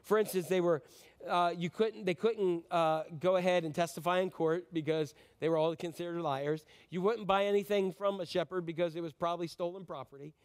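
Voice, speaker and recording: A man's voice: high voice, steady tone, brisk, clear, resonant tone. A male pastor giving a Christmas sermon in a church, talking conversationally and joking with the congregation, often asking them questions.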